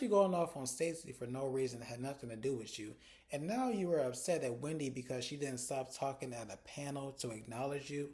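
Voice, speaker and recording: A man with a mellow, relaxed voice recaps a reality TV episode in a loose, chatty way. He swears freely and throws his voice up high when he acts out what the cast said. The tone is casual commentary straight to his viewers. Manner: animated, profane, quotes people in exaggerated voices.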